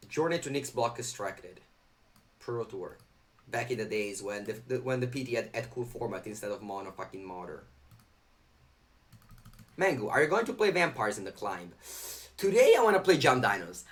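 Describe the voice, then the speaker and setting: A man's voice: medium pitch, a bit bright. A young man chatting live on a game stream, reading viewer chat aloud and answering it.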